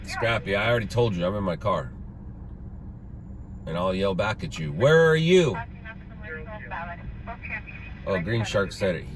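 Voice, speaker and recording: A man's voice: lowish voice, expressive, moderate pace. A man chatting and joking with viewers of his live stream as he drives, talking into his phone inside his car. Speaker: news videographer and livestreamer. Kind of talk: casual live-stream chat while driving. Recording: loud traffic noise behind.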